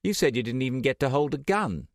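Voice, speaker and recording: A man voicing a sharp-tongued young woman who mocks her friend with scathing retorts. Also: mid-range voice, very animated, moderate pace, no echo, studio quality, voice pushed up, natural voice.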